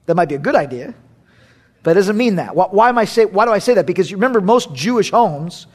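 A man's voice: high-pitched, expressive, quick pace, a little mellow. A middle-aged male pastor preaching a sermon, emphatic, repeating key phrases with playful asides.

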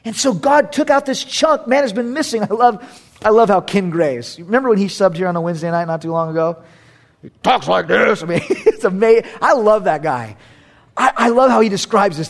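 A man's voice: high voice, fairly quick. A middle-aged male pastor preaching a sermon, emphatic, repeating key phrases with playful asides.

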